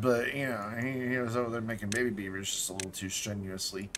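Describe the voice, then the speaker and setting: A man's voice: on the low side, steady tone, fast, fairly bright tone, a little hiss or hum. A man casually commenting while playing a game on a live stream, thinking aloud, correcting himself and dropping jokey asides.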